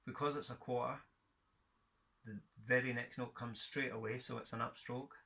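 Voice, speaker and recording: Man, guitar teacher, from Scotland, counts in and chants beats, mid-pitched voice. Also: steady tone, normal speed, sharp tone. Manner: counts in and chants rhythm words in time. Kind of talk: guitar rhythm lesson.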